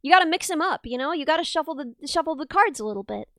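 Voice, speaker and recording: A young woman hosting a casual chat, playful and laughing, often trailing off softly. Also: high-pitched, expressive, fast, over a noisy crowd. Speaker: streamer host.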